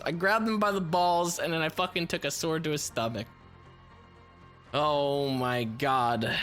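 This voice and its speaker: Giggly, bright-voiced woman streamer. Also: fairly low pitch. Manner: giggly, swears a lot, incredulous reactions. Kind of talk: reading a text adventure aloud with live commentary.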